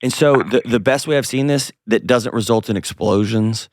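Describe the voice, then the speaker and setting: Male advice host: blunt, coaching, middle pitch, dry close mic. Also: normal speed, dry recording. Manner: direct, coaching, playful asides. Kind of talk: advice call-in show.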